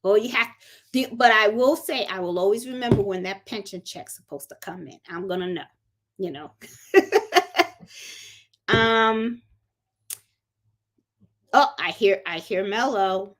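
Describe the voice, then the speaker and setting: A woman's voice: mid-range voice, unhurried, long pauses, fairly bright tone. A middle-aged woman from Puerto Rico hosting a casual crafting livestream, chatty and greeting viewers one by one from home. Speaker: crafting channel host.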